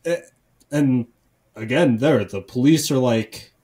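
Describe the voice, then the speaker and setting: A man's voice: mid-range voice, takes it slowly, warm tone. A man on a casual comedy podcast, ranting profanely and rambling with lots of false starts. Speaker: podcast co-host.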